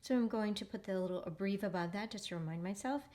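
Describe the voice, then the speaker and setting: A woman teacher giving a phonics lesson to young children, slowly and carefully sounding out words. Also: medium pitch, darkish tone. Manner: slow, careful modeling of sounds.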